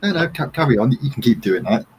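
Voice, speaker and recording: A man's voice: medium pitch, fast, slightly rough, faint music behind. A man playing a tabletop game, joking in casual chat. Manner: joking, animated. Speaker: player.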